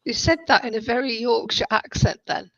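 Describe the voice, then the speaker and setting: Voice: medium pitch, fairly even intonation, normal speed, a bit bright. A speaker in casual banter on a livestream, teasing the others. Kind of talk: casual chat on a modelling stream. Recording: dull lo-fi mic.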